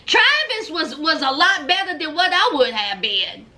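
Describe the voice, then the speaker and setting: Lively high-voiced woman commentator. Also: moderate pace. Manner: animated, dramatic storytelling with frequent laughter. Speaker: reality show commentator. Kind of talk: casual recap commentary.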